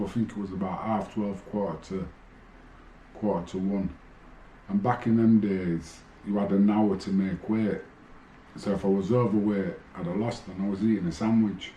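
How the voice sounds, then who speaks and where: Deep-voiced man telling stories. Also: slight background noise. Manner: animated storyteller, re-enacting exchanges. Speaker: former boxer telling stories. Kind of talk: casual storytelling. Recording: echoey room with faint ambience.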